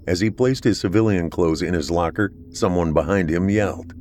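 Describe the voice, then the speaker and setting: A man narrating a scripted story for a podcast in a measured, slow storytelling delivery. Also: deep voice, a little mellow, a little hiss or hum.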